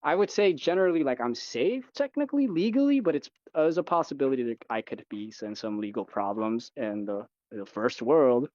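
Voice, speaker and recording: A man's voice: mid-range voice, lively intonation, a little fast, few pauses, darkish tone, no echo, highs cut off. Profane, rambling young man. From United States. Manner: rambling, profane storytelling full of fillers. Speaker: guest. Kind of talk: casual chat.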